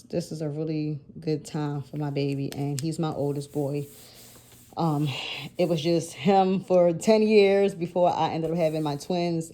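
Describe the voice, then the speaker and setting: A woman in her thirties talks through her planner decorating in a loose, rambling way, often correcting herself and laughing between thoughts. Her voice sits low and mellow, and the whole thing feels like an easygoing chat. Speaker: planner vlogger. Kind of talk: casual chatty vlog narration.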